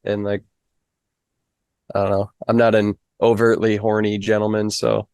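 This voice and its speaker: A man's voice: lowish voice, completely flat delivery, normal speed, a little mellow, clean tone, dry recording, studio quality. A young man from the Fargo area, a weather reporter and guest, talking in a modest, easygoing way full of "like". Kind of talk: casual interview.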